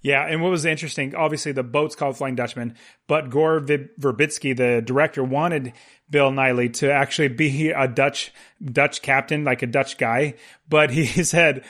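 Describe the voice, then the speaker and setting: Talking films as a podcast co-host, this American man rambles, laughing and filling gaps often. He speaks at a normal speed in a mid-range, slightly bright voice with fairly even intonation.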